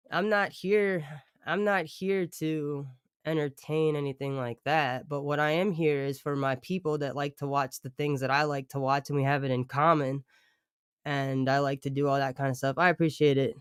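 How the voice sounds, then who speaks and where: Livestream host, casual and rambling; smooth voice, close and dry. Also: mid-range voice, steady tone, moderate pace, dry recording. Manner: rambling, chatty, keeps thanking viewers. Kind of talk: casual livestream chat with viewers.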